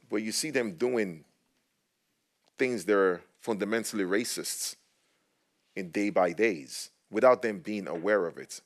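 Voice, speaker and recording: A man speaking as a panel guest, telling stories with passion, his voice rising as he gets heated. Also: sits low. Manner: animated, emphatic, voice rising when heated. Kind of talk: passionate conversational storytelling.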